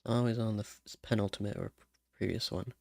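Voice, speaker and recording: A man's voice: lowish voice, fairly even intonation, a little fast, creaky, a little mellow, no echo, clean studio sound. A man thinking aloud while he writes song lyrics, muttering rhyme words and humming placeholder syllables. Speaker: songwriter.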